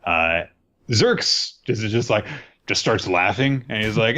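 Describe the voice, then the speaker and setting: Casual male podcast co-host, low and animated, rambling recap with lots of filler. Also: a little slow. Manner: rambling, filler-heavy, acts out quotes. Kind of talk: casual chat.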